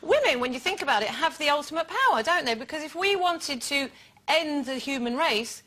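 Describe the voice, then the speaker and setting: A woman panelist on a daytime TV chat show in a studio, animated and giggly. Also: sits high, brisk.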